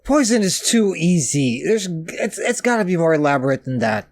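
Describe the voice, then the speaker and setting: A man giving casual, expressive commentary while watching a movie for the first time, swearing and laughing along. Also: fairly high pitch, moderate pace, no echo. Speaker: movie reactor. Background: film audio playing faintly.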